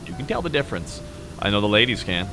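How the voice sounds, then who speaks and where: A man in his thirties with a naturally deep voice, chatting casually and teasingly with his stream audience, close to the mic. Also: very animated, fast, sharp tone, faint music behind. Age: 30s. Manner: joking, teasing, talks straight to chat. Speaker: VTuber streamer. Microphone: close to the microphone.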